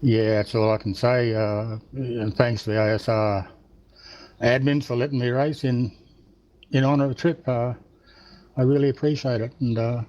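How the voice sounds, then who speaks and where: A man, a race driver giving a halting post-race interview, choked up with emotion and stumbling over fillers. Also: mid-range voice, steady tone, mellow. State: emotional, fighting tears. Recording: dull lo-fi voice chat audio.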